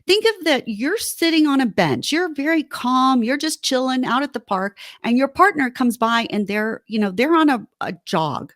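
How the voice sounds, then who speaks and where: A woman's voice: high voice, moderate pace, hardly any pauses, dry recording, clean studio sound. A woman co-hosting a podcast, chatting casually and animatedly about relationship advice. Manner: animated, acts out heated quotes. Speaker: podcast co-host.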